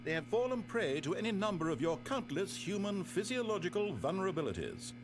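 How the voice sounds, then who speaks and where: An actor playing a dry, all-knowing game narrator, speaking in a measured, wry and formal way. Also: male voice, high voice, sing-song. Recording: game audio with music behind. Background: game music.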